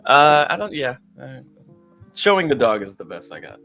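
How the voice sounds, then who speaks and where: A playful man chats as a guest on a casual livestream, his pitch swinging up and down with energy. Faint music sits under his voice. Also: very animated, moderate pace, pushed and bright.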